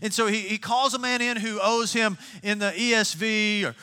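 A man preaching in a casual, storytelling way, his voice high and bright. He restarts phrases often as he talks. The sound carries a long reverb from a big hall. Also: normal speed, smooth. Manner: conversational, animated storytelling with restarts. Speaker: pastor. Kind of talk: sermon.

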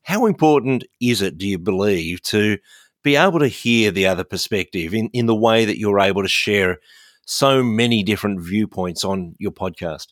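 A man with a lowish voice hosts an interview and asks long, carefully built questions at a measured pace. The recording is dry and close. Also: animated, no room sound. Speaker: interviewer, host.

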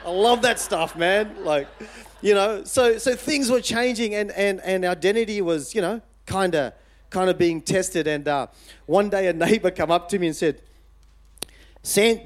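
A middle-aged man from Fiji with a touch of Australian twang preaches a personal testimony. His storytelling is lively and conversational, full of "you know" asides. His voice sits a little high and rises and falls a lot. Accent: Fijian Indian with Australian twang.

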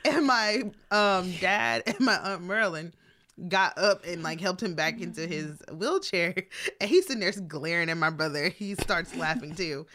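A woman's voice: fairly low pitch, lively intonation, moderate pace, sharp tone. A woman guest on a casual chat, telling family stories with frequent laughter. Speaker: podcast guest.

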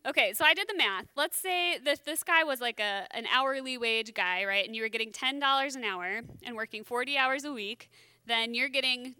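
A woman gives a casual sermon in a high, bright voice that stays smooth and clear. She talks in a chatty, self-deprecating way, thinking aloud as she explains. The sound is dry and close. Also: normal speed, dry recording. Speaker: bible teacher.

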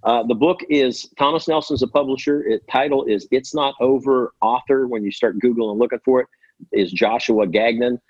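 A man's voice: medium pitch, fairly even intonation, normal speed, darkish tone, husky, no room sound. A man hosting a podcast interview, asking conversational questions with frequent restarts. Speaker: podcast host. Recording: dry, dull, lo-fi.

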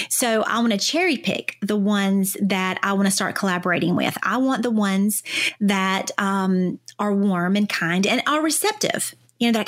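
A woman speech-language pathologist, a podcast guest, telling stories in casual conversation. She is enthusiastic, says "you know" often, and acts out colleagues in lively voices. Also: mid-range voice, normal speed.

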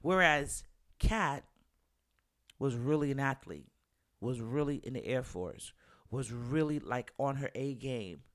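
A man talking casually at a middle pitch, recapping a story with lots of ums and you-knows. He jumps up into higher, excited voices when quoting people, then drops back to an easy conversational tone. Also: slow, pauses often. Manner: animated storytelling, acts out quotes in raised voices; frequent fillers like um and you know. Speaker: commentator recapping a reality show. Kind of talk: casual chat.

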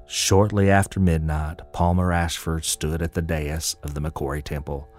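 A man's voice: very deep voice, level tone, normal speed, darkish tone, faint music behind. A man narrating a scripted audio drama in a folksy storytelling manner.

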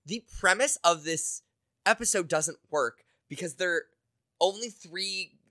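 A man co-hosting a casual podcast, talking animatedly and acting out quotes with quick asides. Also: high voice, sharp tone. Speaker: podcast co-host. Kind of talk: casual chat.

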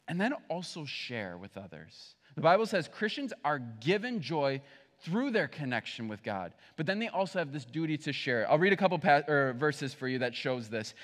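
A young male pastor delivers a casual, conversational sermon with a lively, swooping voice that sits a little high. His words ring out with a long reverb, as if spoken in a large church hall. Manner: conversational, animated preaching with playful acted asides.

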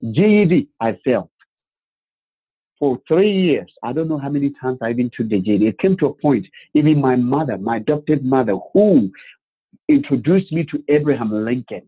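Man, husky voice, tinny narrow sound, animated storyteller. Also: medium pitch, moderate pace. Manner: animated, rhetorical questions, acts out quotes. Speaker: guest. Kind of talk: personal storytelling. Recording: phone-like narrow band.

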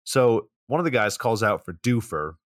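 Low, dry-voiced man recapping a movie. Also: expressive, moderate pace, no echo. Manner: dry, profane plot-summarizing. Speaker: podcast co-host.

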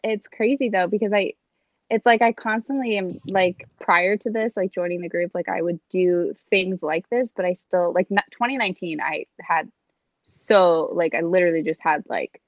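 A young woman chatting as a podcast guest, talking fast with a lot of "like" between her words. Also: fairly low pitch, no echo. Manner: chatty, lots of fillers like "like". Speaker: guest on a group-coaching podcast. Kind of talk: casual interview chat. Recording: dull lo-fi call audio.

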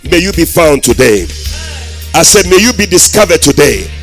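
A man preaching a sermon as pastor, in a sing-song, emphatic delivery that rises to shouted declarations. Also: on the high side, very animated, normal speed, gravelly, soft background music.

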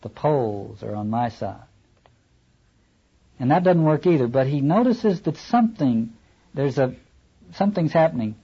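A man's voice: mid-range voice, lively intonation, measured pace, pauses often, slightly rough, highs cut off. A man lecturing on literature, reading passages aloud and adding wry asides.

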